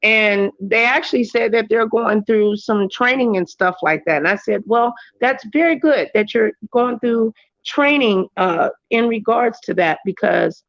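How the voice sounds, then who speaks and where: A woman talks to her livestream viewers in loose, casual chat, with animated storytelling. The audio is a bit dull and lo-fi, and the room sounds dry and close. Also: a little slow, no room sound. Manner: animated storytelling, jumps into high voices for quotes. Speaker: livestream host.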